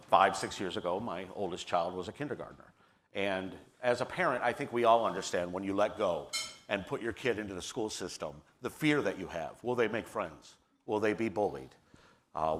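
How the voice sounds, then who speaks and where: A middle-aged man speaking on a panel in an earnest, personal storytelling manner, with a low voice. He often restarts his phrases as he talks. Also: fairly bright tone. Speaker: panelist, theater leader. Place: stage at a public forum.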